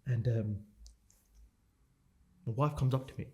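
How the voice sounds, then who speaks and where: Male guest, 30s; raw and emotional, punchy repetitions, frequent swearing, middle pitch. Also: takes it slowly, a little mellow. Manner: raw, intense, swears often, repeats phrases for emphasis. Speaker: podcast guest. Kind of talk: emotional personal storytelling.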